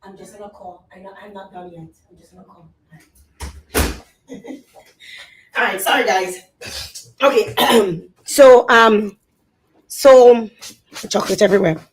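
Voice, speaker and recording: A woman with a Dominican accent, talking on a phone live stream. She speaks haltingly and repeats words as she tries to stay composed. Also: mid-range voice, very noisy. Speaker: social media influencer. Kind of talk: emotional live-stream monologue.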